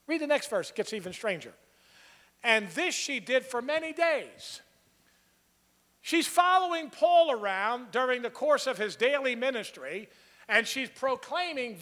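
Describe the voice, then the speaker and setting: A man's voice: extremely high pitch, expressive, normal speed, fairly bright tone, long reverb tail. A man preaching an expository sermon, earnest and conversational, building to emphatic points. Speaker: pastor.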